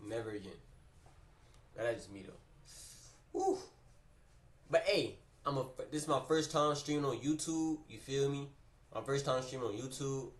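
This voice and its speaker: A man's voice: mid-range voice, far from the mic, slight background noise. Male streamer, casual storytime, slangy and repetitive, roomy echo, sits back from the mic. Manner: animated, slangy, repeats phrases.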